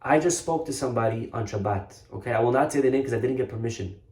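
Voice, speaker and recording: Male rabbi, earnest storyteller, emphatic repetition, mid-pitched voice, echoey room. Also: quick pace, darkish tone. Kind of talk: storytelling sermon. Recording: roomy echo.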